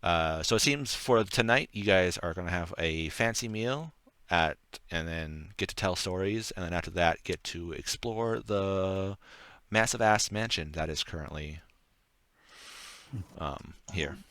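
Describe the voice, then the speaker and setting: A man running a tabletop game as game master, narrating the scene in a relaxed, rambling way with frequent pauses and fillers. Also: low-pitched, no echo. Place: home setup on stream.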